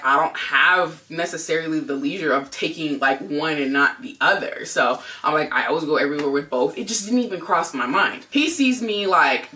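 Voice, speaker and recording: A young woman co-hosting a couple's channel, telling a story in a casual, animated way, full of "like" and acted-out quotes. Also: low voice. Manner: animated, heavy use of "like", acts out quotes. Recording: voice a bit distant from mic.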